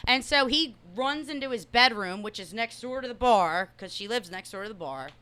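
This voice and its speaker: Bright-voiced profane woman telling a story. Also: a little high, animated, moderate pace. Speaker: new podcast co-host. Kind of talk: casual storytelling chat.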